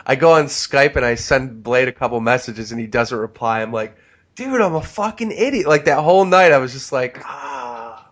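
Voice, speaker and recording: A man's voice: medium pitch, expressive, moderate pace. A man co-hosting a casual podcast, telling stories with frequent swearing and heated bursts. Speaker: podcast co-host. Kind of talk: casual profane chat.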